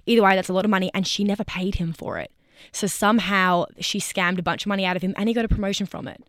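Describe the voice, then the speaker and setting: Chatty woman with a smooth voice. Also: medium pitch, steady tone, no room sound, clean studio sound. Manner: chatty, bubbly, quick asides with laughs. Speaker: podcast co-host. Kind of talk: casual chat.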